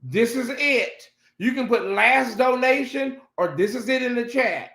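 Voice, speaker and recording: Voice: medium pitch, unhurried, gravelly, a bit bright, roomy sound. A livestream host doing sassy, dramatic chat commentary and talking straight to the viewers.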